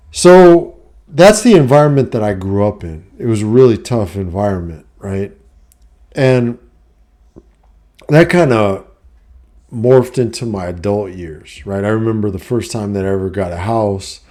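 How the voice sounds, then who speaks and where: Mellow-voiced middle-aged man, candid. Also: lowish voice. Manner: rambling, profane, confessional. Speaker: life coach. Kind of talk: candid personal talk to camera.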